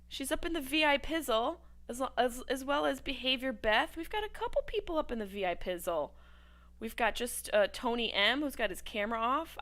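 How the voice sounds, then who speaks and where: A woman's voice: medium pitch, a bit bright. Brash profane woman hosting a livestream. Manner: brash and profane, jumping between topics. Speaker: host. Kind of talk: casual livestream watch-party chat.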